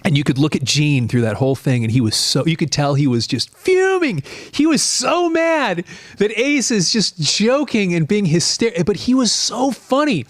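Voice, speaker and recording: Late 50s guy on a livestream, rambly and animated, kinda higher voice, dead dry mic. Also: normal speed, no echo. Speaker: live stream host. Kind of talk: casual live-stream chat reading comments.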